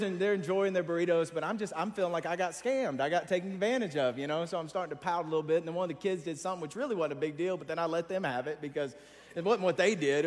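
Storytelling pastor in a reverberant hall. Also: male voice, a little high. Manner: animated, self-deprecating storytelling. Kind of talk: sermon. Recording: long reverb of a large hall.

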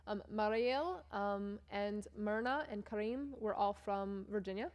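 A woman's voice: medium pitch, measured pace. Chatty young woman telling a trip story. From Maine, USA. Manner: chatty, self-mocking, animated and laughing. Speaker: church mission trip speaker. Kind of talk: casual storytelling talk with slides.

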